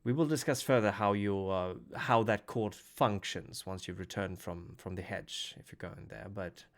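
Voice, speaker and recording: A man's voice: on the low side, moderate pace. A man narrating as game master of a tabletop role-playing game, in a thoughtful, hesitant way.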